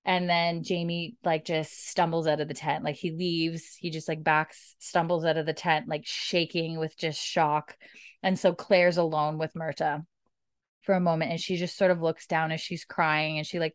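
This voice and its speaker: A woman's voice: deep voice, little pitch movement, moderate pace, smooth, no echo. A woman casually recapping a TV episode, acting out the characters' lines as she goes. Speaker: podcast co-host recapping a TV episode. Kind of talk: casual chat.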